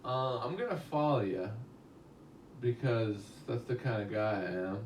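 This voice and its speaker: A man's voice: mid-range voice, unhurried. A man in a casual live-stream movie review, talking to his chat in a rambling, chatty way and swearing casually. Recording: roomy echo, mic at a distance, faint background hum.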